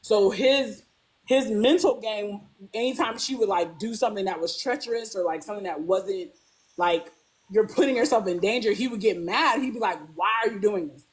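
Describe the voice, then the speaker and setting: A woman talking casually as a guest, animated, acting out characters' lines and saying "like" constantly. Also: moderate pace. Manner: animated, acts out characters' lines with big pitch jumps; peppers speech with "like". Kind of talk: casual fan discussion.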